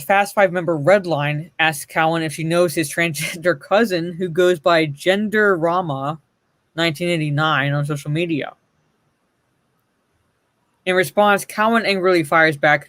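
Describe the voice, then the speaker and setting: A sarcastic man chatting casually on a show, his voice sitting somewhat high for a man. The sound is dry and close, with almost no room echo. He reads lines aloud and mocks them as he goes. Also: a bit bright. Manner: sarcastic, reads comic panels aloud, swears. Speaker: podcast co-host. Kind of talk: casual commentary chat.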